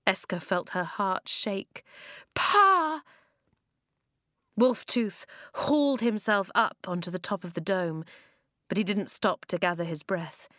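A woman reading a children's novel aloud, expressive, voicing the dialogue with big leaps in pitch and loudness. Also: no room sound, studio quality. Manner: expressive, acts out dialogue with sharp jumps in pitch and volume. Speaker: narrator.

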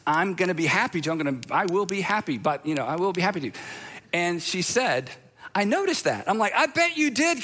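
A man's voice: sits high, bright, forceful tone. A middle-aged man preaching a sermon to his congregation in a conversational, self-deprecating storytelling manner, dropping to a near-whisper when quoting scripture. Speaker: pastor.

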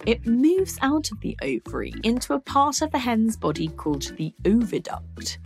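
A woman hosting a children's science podcast, explaining things to young listeners in a playful, animated way. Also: mid-range voice, gravelly.

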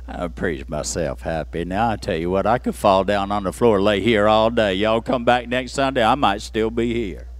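A man preaching a sermon in church, swinging from low murmurs to shouted peaks with playful asides. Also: normal speed. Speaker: pastor.

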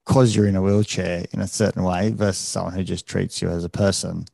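Man, podcast host, mellow gravelly voice, thoughtful, hesitant. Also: sits low, little pitch movement, fairly quick, no echo, studio quality. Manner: thoughtful, many restarts and hesitations. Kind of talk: reflective conversational interviewing.

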